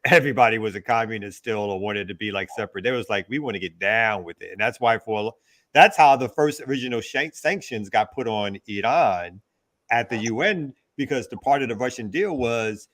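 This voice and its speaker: A man's voice: on the low side, fairly quick, a bit bright. A man hosting a morning talk show, speaking in a loose, slangy and emphatic way. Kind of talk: casual radio talk show chat.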